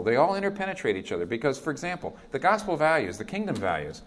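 A man preaching a sermon as pastor, earnest and emphatic, often dropping to a quiet, firm voice for his key points. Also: a little high, very animated, fast talker, hardly any pauses.

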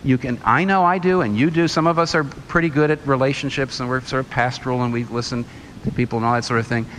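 A man's voice: mid-range voice, fairly even intonation, quick pace, a bit bright, a little hiss or hum, rough recording. A man preaching a sermon, firing rhetorical questions and telling a story.

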